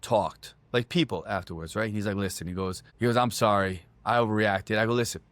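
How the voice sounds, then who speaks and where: A man's voice: on the low side, fairly quick, fairly bright tone, dry recording. A middle-aged man co-hosting a podcast in casual chat, telling stories with lots of swearing and acting out his own quotes. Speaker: podcast co-host.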